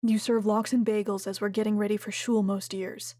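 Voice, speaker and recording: A woman's voice: mid-range voice, level tone, brisk, dark tone, no room sound, close to an everyday voice. A woman voicing a cocky young billionaire man. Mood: breezy. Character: cocky 32-year-old male billionaire.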